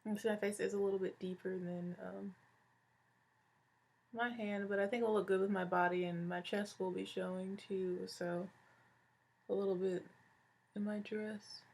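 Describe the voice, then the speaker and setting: A woman's voice: mid-range voice, little pitch movement, normal speed, gravelly, pauses often, darkish tone. A young woman in her twenties from Hawaii narrating a makeup tutorial in a chatty way, describing each step as she goes. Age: 20s. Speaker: beauty vlogger.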